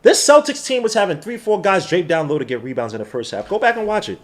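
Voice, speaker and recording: A man hosting a live sports watch-along podcast, talking in an excitable, slangy fan manner. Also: high voice, fast. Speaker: podcast host.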